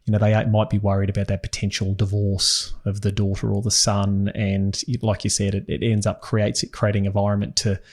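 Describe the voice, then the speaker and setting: Aussie guy hosting a podcast, lowish voice, blunt and colloquial, just chatting. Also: completely flat delivery, brisk, few pauses. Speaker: podcast host. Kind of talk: podcast interview.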